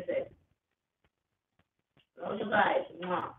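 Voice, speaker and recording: A Jamaican woman with a fairly high voice talks on and on to her viewers, circling back over the same points and stressing them. The sound is thin and phone-like, picked up from across an echoey room with a faint hiss behind. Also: brisk, distant mic. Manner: rambling, repetitive, emphatic, calls everyone "man". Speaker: vlogger. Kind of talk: casual rambling monologue to camera.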